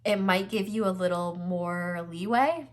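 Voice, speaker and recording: Young woman, slightly low voice, casual tarot reader; earnest, reassuring, rambling, stuffy nose, near tears. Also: measured pace. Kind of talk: casual pick-a-card tarot reading.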